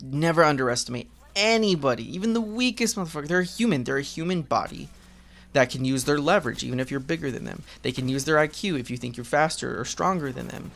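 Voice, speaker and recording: A man's voice: fairly high pitch, fast talker, vocal fry, a bit bright. A man giving casual, rambling commentary while gaming, candid and profane, with lots of fillers. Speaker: gaming vlogger.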